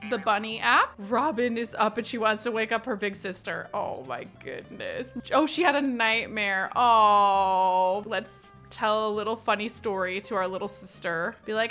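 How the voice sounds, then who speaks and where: A woman's voice: medium pitch, normal speed, hardly any pauses, sharp tone, soft background music. A young adult woman giving casual, chatty commentary while playing a life-sim game, bubbly and full of fond exclamations. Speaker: gaming YouTuber.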